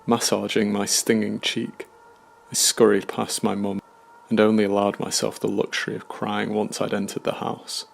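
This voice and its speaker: A man narrating a scripted horror story in a measured, somber way. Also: lowish voice, monotone, gravelly.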